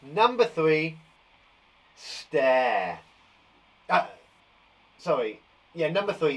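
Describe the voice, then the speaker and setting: A man teaching a live online lesson for young children from a garden shed, upbeat and warmly encouraging, chatting with a puppet. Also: fairly high pitch, sing-song, extremely slow, pauses often, distant mic, slight background noise. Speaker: primary school teacher.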